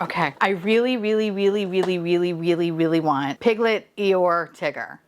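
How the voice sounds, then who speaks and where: A woman's voice: on the low side, moderate pace, few pauses, slight background noise. A woman, chatting casually while unboxing blind boxes, gushing, swearing freely and giggling often.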